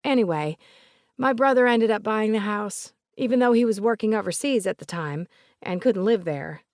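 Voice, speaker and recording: A woman voicing an older woman with a soft Southern accent, polite and remorseful, recalling family memories in a gentle, chatty way. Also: medium pitch, lively intonation, moderate pace, no echo, studio quality, pitched above the performer's own voice, natural voice.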